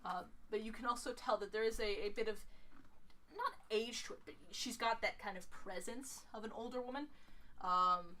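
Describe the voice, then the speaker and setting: A woman running a tabletop game as game master, describing scenes haltingly with many fillers. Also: fairly high pitch, bright, forceful tone, slight background noise. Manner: halting, lots of fillers, laughs easily.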